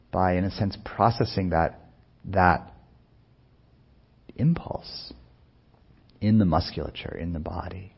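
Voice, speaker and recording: Low gravelly man giving a meditation talk. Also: lo-fi sound. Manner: soft-spoken, unhurried, musing with many pauses. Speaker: meditation teacher. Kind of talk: reflective dharma talk.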